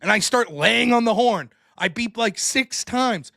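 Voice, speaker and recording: Podcast host, male, high-pitched and bright, chatty animated storyteller. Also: unhurried, gravelly. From United States. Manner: animated storyteller, acts out quoted people with loud bursts, laughs often. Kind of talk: casual storytelling monologue.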